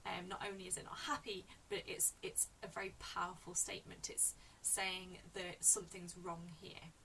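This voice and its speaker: A woman teacher analysing a poem in a lesson, explaining slowly and repeating key words. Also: fairly low pitch, little pitch movement, vocal fry, sharp tone, distant mic, a little hiss or hum, low-quality recording. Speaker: English teacher.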